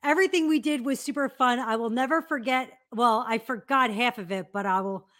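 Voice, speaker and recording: High-voiced chatty woman co-host. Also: brisk, a bit bright. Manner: rambling, laughing, trailing off. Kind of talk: casual chat.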